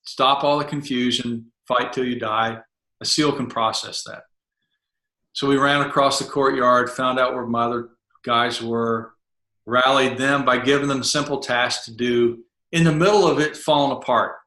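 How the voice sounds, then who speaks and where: A man's voice: mid-range voice, steady tone, moderate pace, bright, forceful tone, roomy sound. A middle-aged man, a former Navy SEAL chief, telling a vivid first-person story on a podcast and acting out the dialogue. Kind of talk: storytelling in an interview.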